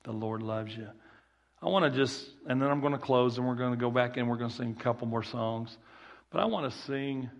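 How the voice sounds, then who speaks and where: Male preacher, Southern country accent, gravelly fry, folksy and repetitive in delivery. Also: medium pitch, brisk, lo-fi sound. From rural Texas. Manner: folksy, repeats key phrases, restarts often. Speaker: guest preacher. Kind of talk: sermon.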